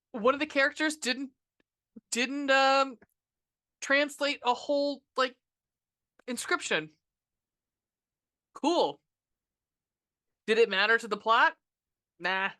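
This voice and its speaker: A woman's voice: on the high side, pushed and bright. A young woman hosting a podcast, ranting sarcastically and profanely while reviewing a movie.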